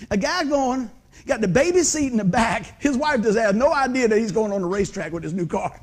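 A middle-aged man preaching a sermon, folksy and animated, full of rhetorical questions. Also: extremely high pitch, fairly quick. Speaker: pastor.

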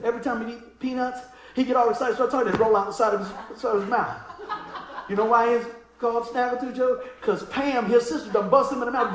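A middle-aged man, a pastor, preaching a sermon full of funny personal stories. He tells them in an animated way, laughing often, and drops to quiet asides in between. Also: very high voice, reverberant, slight background noise. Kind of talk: sermon with humorous storytelling.

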